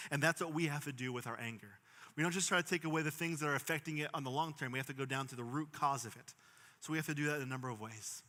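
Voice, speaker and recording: A young man preaching a sermon as pastor, earnest, swinging from emphatic bursts to quiet, low stretches. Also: long reverb tail. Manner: earnest, rising to emphatic bursts then dropping soft.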